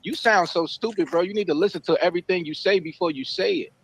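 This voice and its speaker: Livestream guest, high-pitched man, confrontational and lecturing. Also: fast, husky, no room sound, low-quality recording. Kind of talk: heated livestream argument.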